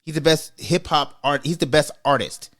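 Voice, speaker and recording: A man's voice: on the high side, moderate pace, fairly bright tone. A man hosts a casual podcast debate and gives his opinions emphatically. He speeds up when he drives a point home. His delivery is conversational and direct. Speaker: podcast host.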